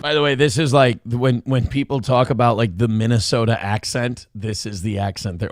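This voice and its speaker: A man's voice: medium pitch, fairly even intonation, moderate pace, few pauses, a little hiss or hum. A man hosting a show, giving blunt, profane, sarcastic commentary over a video clip. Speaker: show host.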